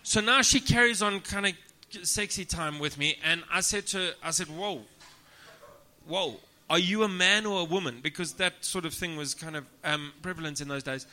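A man's voice: sits high, moderate pace, bright, forceful tone. A man, a comedian guest, telling crude, self-deprecating stories on a casual podcast and often laughing as he talks. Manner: laughs through his own stories.

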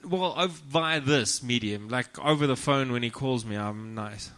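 A South African man, a comedian guest, telling stories in a deadpan, profane, self-mocking way in a casual podcast chat. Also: medium pitch, a little slow, clear, resonant tone.

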